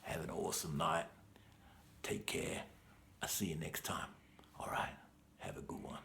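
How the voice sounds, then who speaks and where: A man's voice: very deep voice, fairly even intonation, unhurried, gravelly, fairly bright tone, whispered. An Australian man, an English teacher, telling a true story in a laid-back, rambling way, full of "man" and "you know". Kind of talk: casual storytelling.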